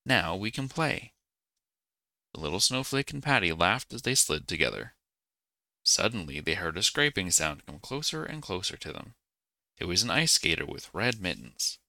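A man reading a bedtime story aloud, calm and gently expressive. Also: low-pitched, normal speed, gravelly, no echo.

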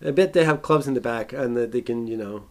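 On a casual film discussion podcast, a man talks animatedly at a quick pace in a medium-pitched voice, acting out scenes in exaggerated voices and laughing often.

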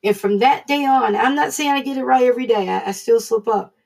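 A woman leads a devotional Bible lesson in an earnest, conversational way, encouraging her listeners. Her voice sits a bit high and carries a gravelly fry. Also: brisk, darkish tone. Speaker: Bible study teacher.

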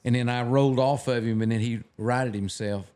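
An older man, a guest telling folksy stories in a halting, restarting way. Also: mid-range voice, fairly even intonation, darkish tone. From Texas. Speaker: guest photographer. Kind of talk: casual storytelling.

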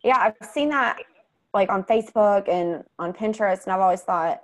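A woman's voice: mid-range voice, normal speed. A woman, chatting casually and telling funny family stories. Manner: chatty storyteller, animated when quoting. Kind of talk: casual chat.

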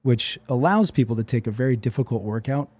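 Fast-talking man with a dark voice. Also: mid-range voice, breathy edge, dry recording. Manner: rapid, animated storytelling full of fillers. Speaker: fitness franchise owner. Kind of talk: casual interview chat.

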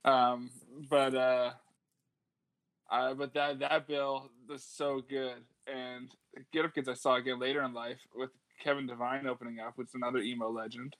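This man co-hosts a podcast in a mid-range, fairly bright voice with little pitch movement, at normal speed. He rambles enthusiastically through casual chat, swearing often and using many fillers.

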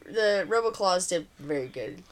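A woman's voice: fairly low pitch, expressive, normal speed. A woman in casual podcast chat, laughing often between her words.

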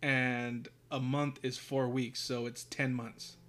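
Young man, casual chat, easygoing, mid-pitched, slangy. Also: little pitch movement, takes it slowly, fairly bright tone.

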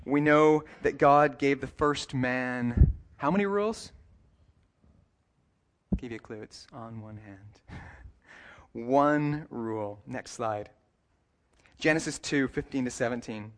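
Delivering his sermon, this medium-voiced pastor keeps things easygoing and conversational, with light humor and fast self-corrections, then shifts to a slow, deliberate pace for scripture readings.

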